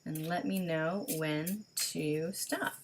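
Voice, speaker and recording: A woman leading an online spiritual gathering over a webcam, talking casually and thinking aloud with many pauses and ums. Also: deep voice, fairly even intonation, noisy background. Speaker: online service leader. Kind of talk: online livestream teaching.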